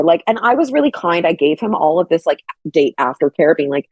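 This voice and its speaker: Woman, young, animated casual storytelling, dry close sound. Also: on the low side, a little fast, husky, no echo, lo-fi sound.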